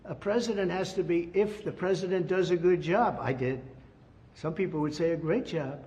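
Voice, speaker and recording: A man's voice: high voice, moderate pace, a little mellow, long reverb tail. An older man from the United States giving an emphatic, repetitive press statement as a former president. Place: indoor press room.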